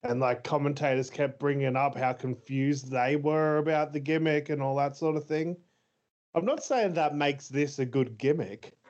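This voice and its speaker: A man's voice: mid-range voice, darkish tone. A man co-hosting a casual podcast chat, rambling with lots of fillers and easy laughs. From Australia. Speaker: podcast co-host. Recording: slightly dull lo-fi audio.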